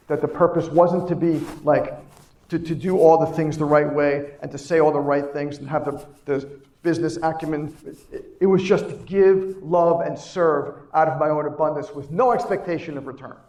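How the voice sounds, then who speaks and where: A man's voice: on the high side, a little mellow. A middle-aged man, a chiropractor, giving an inspirational keynote speech live at a conference. He talks emphatically, repeating key lines and putting questions to the audience. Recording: echoey hall sound.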